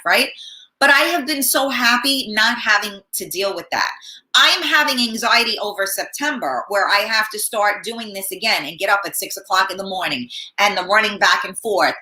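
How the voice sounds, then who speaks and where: A middle-aged woman hosting a talk show, hoarse and often clearing her throat, rambling in a blunt, profane, casual way. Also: mid-range voice, pushed and bright, reverberant. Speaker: host. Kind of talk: casual chat.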